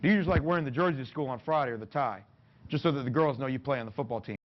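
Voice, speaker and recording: A football coach giving a clinic talk to other coaches in a meeting room, plain-spoken, folksy and joking. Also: male voice, mid-range voice, rapid-fire. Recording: dull lo-fi recording.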